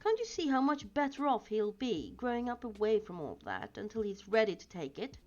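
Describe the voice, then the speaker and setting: Calm old wizard man as a lady reader does him, slow and measured, voice moves a lot, lo-fi muffled sound. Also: a little high. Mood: earnest. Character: old wise male wizard, calm and kindly. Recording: dull lo-fi with faint music.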